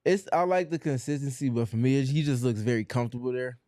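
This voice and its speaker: A man co-hosting a live game watch-along, offering calm, measured analysis of the plays. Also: mid-range voice, no room sound, clean studio sound. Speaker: co-host.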